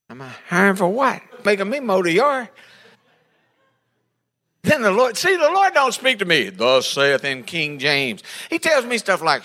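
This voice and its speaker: A pastor delivers a storytelling sermon full of folksy, humorous tales, acting out the voices of the characters. His voice sits high and has a sharp tone.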